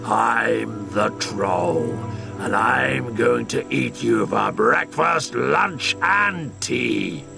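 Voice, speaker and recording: A man's voice: animated, creaky, music in the background, heavily acted. A man voicing a roaring, hungry male troll in a storybook reading, drawing out his words. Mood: booming. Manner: booming, drawn-out roars.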